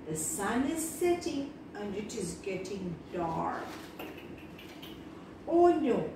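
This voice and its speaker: A woman reading a children's story aloud in an animated, sing-song way, speaking to young children. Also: medium pitch. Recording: echoey room, far from mic, noisy.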